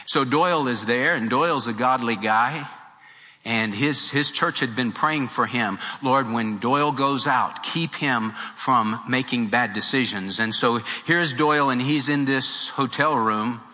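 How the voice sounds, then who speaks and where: Bright-voiced preacher in a reverberant hall. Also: male voice, mid-range voice, measured pace. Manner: animated storytelling, acting out quoted voices. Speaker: pastor. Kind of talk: sermon. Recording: long hall reverb with faint music.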